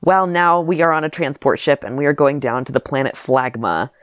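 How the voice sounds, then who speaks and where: A man's voice: a little high, brisk, a bit bright, no room sound, studio quality. A man co-hosting a podcast, reading his childhood writing aloud with wry comments and bursts of laughter. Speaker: podcast co-host.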